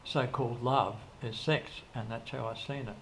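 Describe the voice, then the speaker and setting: An older man, a guest in a casual interview, rambles through his life story in a gravelly, creaky voice that is mid-range, steady in tone, a bit bright, and at normal speed. He frequently restarts, circles back, and voices both sides of past conversations, with a faint background hum throughout.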